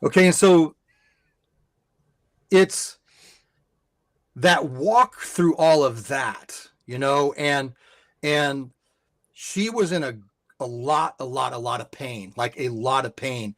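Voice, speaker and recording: A man's voice: mid-range voice, slow, pauses often, fairly bright tone, no echo. An older man, a guest on a faith podcast, telling a story and giving advice in an earnest way, often repeating words as he restarts.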